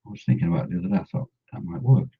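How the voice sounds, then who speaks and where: A man's voice: low voice, rapid-fire, husky. A man chatting casually while painting miniatures, rambling and humming to himself. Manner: rambling, hums and mumbles to himself. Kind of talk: casual chat while working. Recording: dull lo-fi sound.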